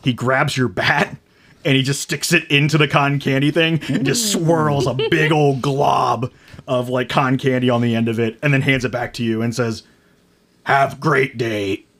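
A man's voice: mid-range voice, fairly even intonation, moderate pace, fairly bright tone. A man narrating a tabletop game as game master, in a casual, loose way with lots of fillers.

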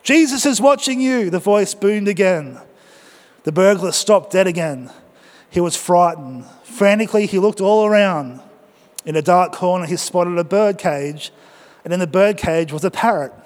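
Pastor guy preaching, high voice, upbeat and jokey, long church echo. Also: a little slow. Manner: energetic, joking, exhorting the congregation. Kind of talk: sermon.

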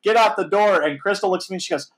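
Brief: thirties male host, upbeat raconteur, slightly high voice, loose and chatty. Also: fast talker, low-quality recording. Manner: animated, lively storyteller with frequent fillers and mild swearing. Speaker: podcast host. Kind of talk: casual storytelling chat.

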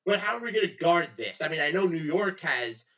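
A man's voice: on the high side, lively intonation, a little fast, sharp tone. A man co-hosting a casual sports podcast, ranting with sarcasm and strong opinions. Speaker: podcast co-host. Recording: dull lo-fi sound.

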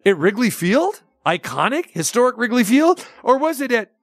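A man hosting a sports talk radio show, ranting with sarcasm and animated energy. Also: very high-pitched, moderate pace, dry recording.

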